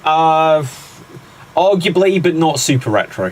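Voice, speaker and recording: A man's voice: fairly high pitch, animated, unhurried, rough recording. A man hosting a live guessing game, upbeat and teasing, often laughing. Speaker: quiz host.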